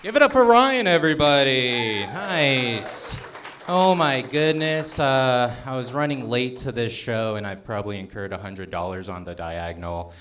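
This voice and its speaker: A young man from northern Colorado doing a stand-up set with crowd work, halting and self-deprecating with many restarts. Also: mid-range voice, a bit bright. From northern Colorado, USA. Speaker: stand-up comedian. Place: comedy club stage.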